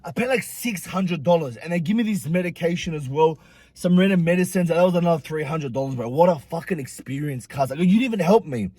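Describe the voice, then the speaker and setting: A young man vlogger telling a story in an animated, profane, slangy way. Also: a little high, quick pace, dry recording. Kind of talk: storytime vlog.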